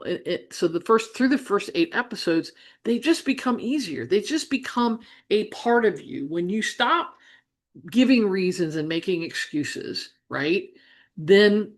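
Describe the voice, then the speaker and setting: A woman's voice: mid-range voice, a bit bright. A middle-aged woman from Ohio, a business coach, telling a childhood farm story in an earnest way, with frequent restarts and asides. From Ohio, United States. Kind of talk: storytelling monologue.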